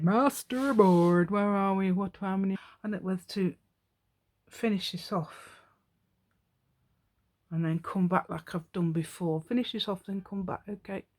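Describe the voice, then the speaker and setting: A woman's voice: lowish voice, darkish tone. A woman in her fifties chatting and rambling as she makes a craft piece at home, talking to herself and laughing often. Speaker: craft vlogger.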